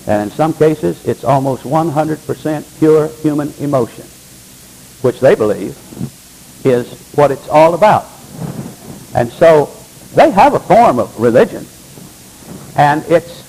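A man preaching a sermon from the pulpit, asking the congregation rhetorical questions and swinging between low, emphatic lines and high exclamations. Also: animated, moderate pace, gravelly, pauses often, a little mellow, rough recording. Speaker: pastor. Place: church.

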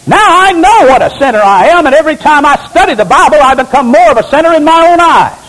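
Male preacher, high animated pitch, dramatic swings from shouted peaks to hushed lows. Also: quick pace, rough recording. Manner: sweeping from loud high cries to low hushed lines. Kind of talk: sermon.

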